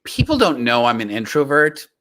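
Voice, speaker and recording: A man co-hosting a casual live-stream chat, talking in a soft, hesitant, self-deprecating way. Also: medium pitch, sing-song, normal speed. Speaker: co-host.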